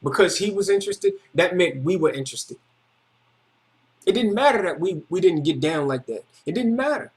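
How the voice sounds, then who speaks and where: A man's voice: high voice, lively intonation, moderate pace. A man telling a personal testimony in casual, slang-heavy speech, repeating phrases for emphasis. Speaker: video testimony speaker.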